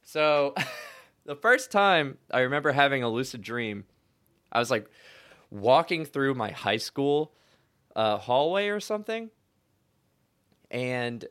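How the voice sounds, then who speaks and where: A young man chatting casually and telling wild stories with loose slang. His voice is bright and forceful, and he jumps into louder, higher bursts when he acts out what he said. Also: slow pace, pauses often. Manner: animated storyteller, slangy, acts out quotes loudly. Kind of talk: casual chat.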